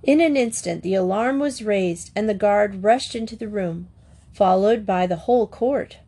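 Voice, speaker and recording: Female storyteller, mid-pitched voice, calm and expressive storybook narration. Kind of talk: storybook reading of fairy tales.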